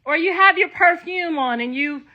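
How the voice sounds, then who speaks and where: A woman's voice: very high voice, normal speed, lo-fi sound. An older woman ranting to her viewers in a brash, profane, casual way. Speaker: online commentator.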